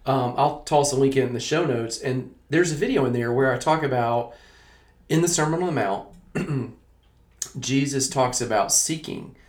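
A man's voice: medium pitch, normal speed, a little mellow. A man hosting a podcast, chatting and reflecting on faith in an easy conversational way. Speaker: podcast host. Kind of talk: casual chat. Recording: roomy sound.

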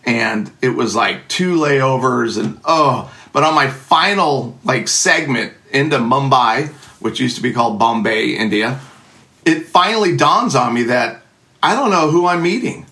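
Bright-voiced man telling a self-mocking story. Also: mid-range voice, expressive, a little slow. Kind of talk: comedic personal storytelling.

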